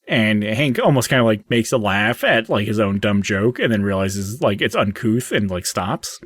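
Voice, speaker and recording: A man with a lowish voice runs a tabletop game, rambling loosely through the scene with fillers and restarts. The sound is dry and close, with no room around it. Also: lively intonation, normal speed, hardly any pauses, slightly rough, no echo. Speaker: game master. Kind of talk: narrating and voicing characters in a tabletop game.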